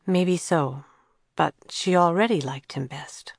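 Soft-spoken young woman, read by the narrator, low, close and dry. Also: slow pace, creaky, husky, dry recording, exaggerated voice. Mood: firm. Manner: firm then hesitant, soft-spoken. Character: thoughtful young woman, patient.

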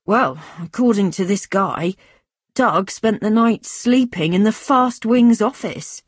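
A woman reader voicing a gentle adult man who speaks in a soft, reassuring way, close to her own voice. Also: mid-range voice, slow pace, breathy edge, no echo. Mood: concerned.

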